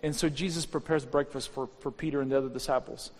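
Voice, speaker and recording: A man's voice: mid-range voice, steady tone, fast, a little mellow. A man preaching a sermon as pastor, fervent and rising into exhortation. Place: church hall. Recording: long hall reverb with faint music.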